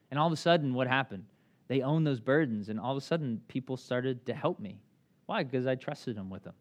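Male pastor in his thirties, casual sermon delivery, lively pitch swings, slightly high voice. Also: fast talker. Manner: conversational, animated with acted asides.

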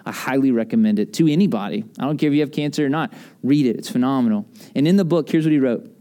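A man in his thirties preaching a sermon in a relaxed, conversational way, often acting out what other people said. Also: medium pitch, fast. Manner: animated, conversational, acts out quoted voices. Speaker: pastor.

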